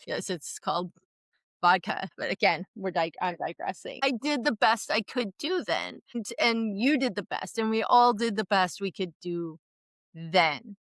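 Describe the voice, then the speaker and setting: A woman's voice: mid-range voice, a bit bright, no room sound. A middle-aged woman co-hosting a podcast, talking frankly and with a lot of swearing in casual chat. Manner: frank, profane, self-deprecating. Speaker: podcast co-host.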